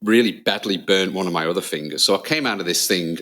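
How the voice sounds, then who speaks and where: A man, a father, co-hosting a podcast, telling stories in lively casual chat and acting out scenes with loud shouts. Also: sits low, fast talker. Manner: animated storyteller, acts out scenes with loud shouts. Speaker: podcast co-host.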